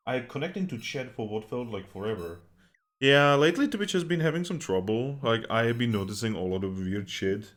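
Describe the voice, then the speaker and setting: A man's voice: mid-range voice, animated, normal speed, fairly bright tone. Man casually streaming a game. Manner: swears freely, talks to chat. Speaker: live streamer. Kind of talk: casual gameplay commentary.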